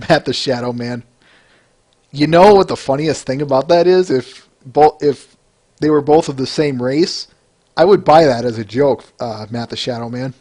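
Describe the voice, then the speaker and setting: A man's voice: medium pitch, a little slow, a little mellow. A man hosting a casual review podcast, rambling with frequent restarts and answering listeners by name between points. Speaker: podcast host.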